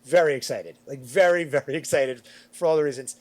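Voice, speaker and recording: A middle-aged man from Long Island, chatting on a podcast and telling a story with lively, acted-out quotes. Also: fairly quick. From Long Island, New York. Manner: animated, acts out quotes with big swings in pitch and loudness. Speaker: podcast panelist. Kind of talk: casual storytelling chat.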